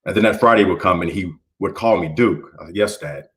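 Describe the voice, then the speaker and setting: A man from Houston, Texas, giving a motivational keynote speech, building through repeated phrases and moving from hushed to forceful. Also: deep voice, fast. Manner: preacher-like build-ups, repeating phrases and swinging from soft to forceful. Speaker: motivational speaker.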